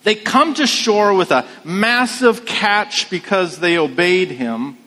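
A man delivers a sermon at an unhurried, deliberate pace, talking to the congregation in a relaxed, conversational way. His voice sits a little high, and it rings out with the long reverb of a large hall. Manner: slow, conversational preaching with anecdotes. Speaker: pastor.

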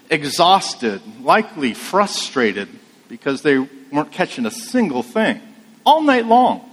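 A man delivers a sermon at an unhurried, deliberate pace, talking to the congregation in a relaxed, conversational way. His voice sits a little high, and it rings out with the long reverb of a large hall. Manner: slow, conversational preaching with anecdotes. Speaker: pastor.

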